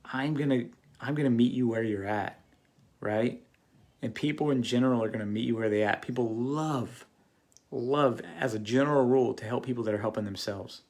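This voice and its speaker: A man's voice: mid-range voice, moderate pace, a little mellow. A man hosting a casual livestream, talking earnestly to his viewers with many fillers and restarts. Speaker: host of a phone-flipping channel.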